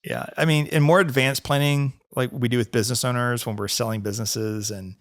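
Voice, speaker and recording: A man with a mid-range voice talks briskly while hosting a relaxed podcast as a financial advisor. He keeps it conversational, laughing often and restarting sentences as he goes.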